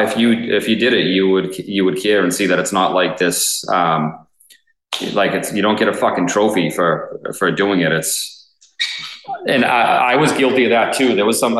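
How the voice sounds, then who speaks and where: A man with a very low voice talks casually as a guest from a garage gym, halting, blunt and full of fillers. The room around him is echoey and hard, so his voice rings off the walls. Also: a bit bright. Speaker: guest, police K9 officer. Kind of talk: casual interview conversation.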